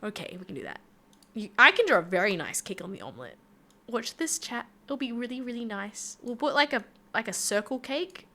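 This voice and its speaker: Bright, lively young woman streamer. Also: fairly high pitch, fairly quick. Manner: playful, chatty, talks to chat while drawing. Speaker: VTuber streamer. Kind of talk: casual live-stream chat.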